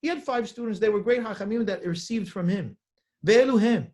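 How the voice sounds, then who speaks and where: Middle-aged male rabbi teaching a class, higher-pitched voice, fast list-reading that gives way to slow emphasis and questions. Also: a little mellow. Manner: reads names rapidly, then slows down to stress points and asks the class questions. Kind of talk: lesson reading and explaining a text.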